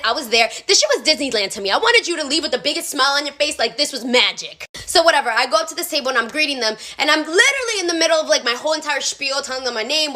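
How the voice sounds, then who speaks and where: A young woman telling a casual storytime monologue in a sassy, profane, animated way. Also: high voice. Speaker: TikTok storyteller.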